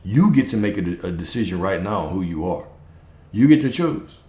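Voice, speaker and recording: A man with a fairly low voice speaks as a spiritual coach on a livestream, relaxed and repetitive, often asking rhetorical questions and checking in with a quick "okay?". His voice carries a noticeable room echo. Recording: roomy echo.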